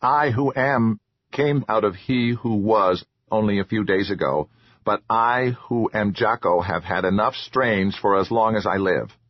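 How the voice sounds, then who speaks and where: A man voicing a small, excitable, childlike male troll who talks about himself in the third person in a high, eager voice. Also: unhurried, dry recording, dull audio.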